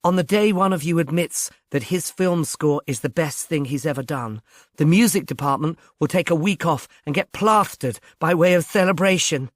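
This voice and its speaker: A man voicing a poised young woman who speaks briskly with dry amusement. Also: fairly high pitch, no echo, pitched above the performer's own voice, lightly acted. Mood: wry, brisk. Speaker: reader.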